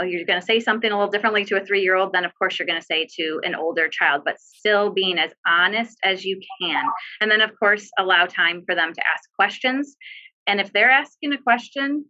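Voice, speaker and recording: A woman giving earnest, plainspoken advice in a webinar, her voice a touch low and notably bright and forceful. She leans on fillers as she goes. The sound is dull and lo-fi, as over a video call. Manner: earnest, direct, with frequent fillers. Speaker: bereavement social worker.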